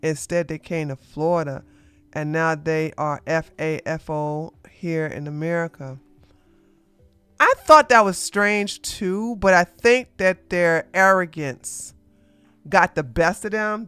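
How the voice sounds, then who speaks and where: Streamer commentator, animated, talks back to chat, smooth close voice, faint music behind. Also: mid-range voice, moderate pace, dry recording. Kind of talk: live stream drama commentary.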